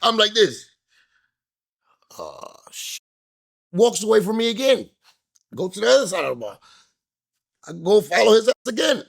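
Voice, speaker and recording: A man, an interview guest telling a story with lively, animated delivery, acting out what other people said. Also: a little fast, vocal fry, pauses often. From New York. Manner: acts out quoted voices, jumping high and loud.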